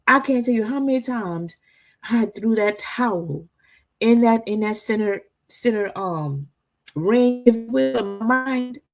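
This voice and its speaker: A woman's voice: a little high, expressive, a little slow, soft background music. A woman co-hosting a talk show, giving an inspirational faith talk in a conversational preaching manner, often asking "right?" to draw agreement. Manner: emphatic, repetitive, seeks agreement with "right?"; conversational preaching, addresses listeners as y'all.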